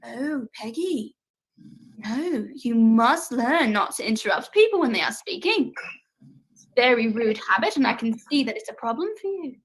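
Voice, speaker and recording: A woman's voice: fairly high pitch, lively intonation, normal speed, rough recording. A woman playing a fussy, pompous male detective in a student stage play, speaking in prim, proper phrases. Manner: prim, posh-sounding phrasing.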